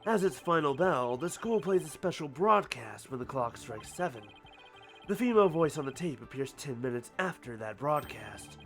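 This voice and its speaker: A man voicing a stern, menacing male prosecutor, speaking in a slow, grave manner. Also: a little high, expressive, fairly bright tone, soft background music.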